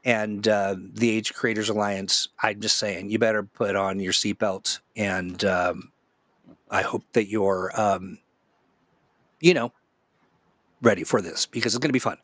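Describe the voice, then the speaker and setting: A man's voice: fairly low pitch, fairly even intonation, measured pace, a bit bright, no room sound. A man hosting a casual online chat, joking around, rambling through playful tangents and laughing often. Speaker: host.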